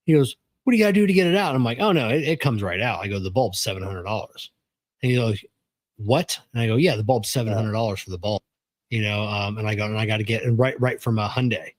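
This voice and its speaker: A man's voice: lowish voice, no echo. A man who works as a car mechanic, co-hosting a podcast in casual chat, matter-of-fact with many fillers.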